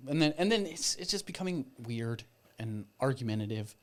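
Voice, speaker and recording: A man's voice: a little high, animated, moderate pace. A man who is a comedian guest on a podcast, chatting casually and telling a story bluntly with plenty of swearing.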